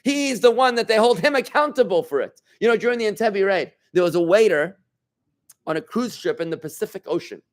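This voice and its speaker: A man's voice: high-pitched, animated, fairly quick. A man, a rabbi, giving an informal class to a small group in a room, talking casually and quizzing his listeners as he goes. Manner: conversational, asks the room questions, many restarts.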